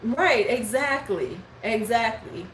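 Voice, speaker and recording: A woman in her forties chatting casually on a live stream, telling gossip and greeting viewers by name, sometimes slipping into squeaky voices to quote people. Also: expressive, takes it slowly, a bit bright. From United States. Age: 40s. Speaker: beauty vlogger. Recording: echoey room with faint background noise.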